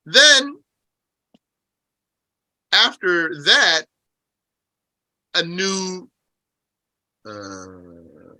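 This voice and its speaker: A man teaching a religious text. He reads Arabic passages quickly, then explains them slowly in English and asks rhetorical questions along the way. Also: high voice, sharp tone, no echo. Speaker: teacher explaining a Qur'an commentary.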